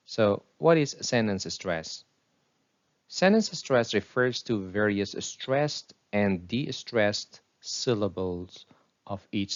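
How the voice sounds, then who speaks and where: A man narrating a scripted English pronunciation lesson, reading example sentences slowly and deliberately. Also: on the low side, muffled recording.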